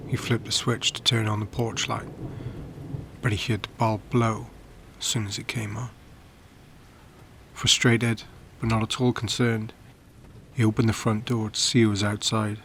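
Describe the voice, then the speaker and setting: Male horror podcast narrator, measured storytelling, hushed at times, low voice, gravelly texture, faint rain behind. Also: slight background noise. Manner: measured, dropping to near-whispers on tense lines.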